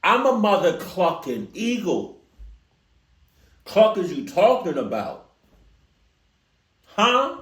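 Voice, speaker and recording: A man gives casual reaction commentary, excitable and joking, with a high voice that swings up and down a lot. He talks slowly and drawls his words. The sound is roomy and a bit far from the mic. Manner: excitable, jokey, breaks into laughter. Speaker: reaction video host. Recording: roomy, a little distant from mic.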